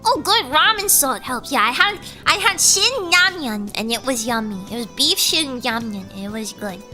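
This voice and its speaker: A woman's voice: high-pitched, moderate pace, faint music behind. A woman streamer chatting casually and rambling, cutting herself off mid-sentence and reading chat messages aloud. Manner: animated, rambling, self-interrupting, reads chat aloud.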